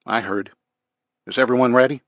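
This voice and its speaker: A man's voice: mid-range voice, fairly even intonation, normal speed, dry recording, dull audio, voice pushed up, lightly acted. A man voicing a firm army major. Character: steady male army major, commander.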